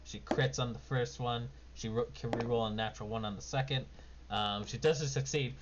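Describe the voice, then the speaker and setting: This game master's mid-range voice moves at a moderate pace with fairly even intonation as he narrates a tabletop session, loose and rambling with lots of fillers. A dull lo-fi microphone adds faint noise.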